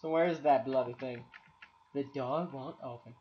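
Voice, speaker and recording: Exasperated swearing gamer with a cold. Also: male voice, mid-range voice, normal speed, highs cut off, very noisy. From Canada. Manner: swearing, exasperated, talks to objects. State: has a cold. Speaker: gameplay commentator. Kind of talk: let's play commentary.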